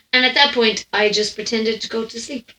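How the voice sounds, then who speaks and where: Bright-voiced Irish woman telling stories. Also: on the high side. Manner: animated, laughs often, breaks off mid-sentence. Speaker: podcast host. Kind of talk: storytime anecdote chat. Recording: roomy echo.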